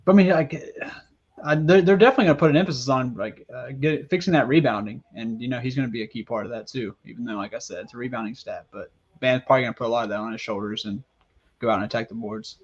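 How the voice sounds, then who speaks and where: A man's voice: mid-range voice, quick pace, husky. Man on dull lo-fi audio, hyping bets. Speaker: panelist. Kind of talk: casual sports betting chat.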